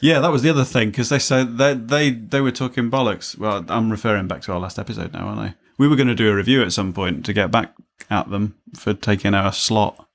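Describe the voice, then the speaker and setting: A man's voice: lowish voice, fairly quick, vocal fry, few pauses. A man co-hosting a casual chat podcast, rambling and jokey as he thinks aloud. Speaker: podcast co-host.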